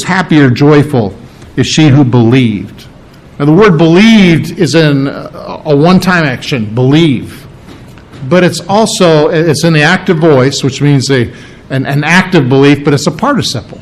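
A pastor preaching a verse-by-verse sermon, animated, often repeating and restarting phrases as he presses his questions. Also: on the high side. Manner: animated, rising to emphatic questions. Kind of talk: expository sermon.

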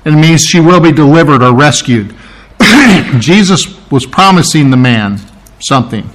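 A man with a fairly high voice teaching from scripture in a sermon. He speaks thoughtfully, often restarting and correcting himself mid-sentence, and clears his throat now and then. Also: expressive, a little slow, fairly bright tone. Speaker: pastor. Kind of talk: verse-by-verse Bible teaching sermon.

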